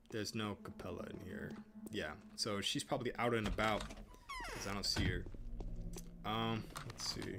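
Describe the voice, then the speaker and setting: A let's play host gives casual commentary on a game he's trying for the first time, rambling through ums, likes and restarts. His gravelly voice is fairly low and fairly even, at normal speed, over a noisy background.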